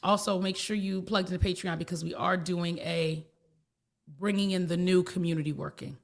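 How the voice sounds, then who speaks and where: A woman's voice: on the low side, fairly even intonation, normal speed, gravelly. A woman spiritual teacher, talking casually in a blunt, folksy way and repeating herself for emphasis. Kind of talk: casual talk.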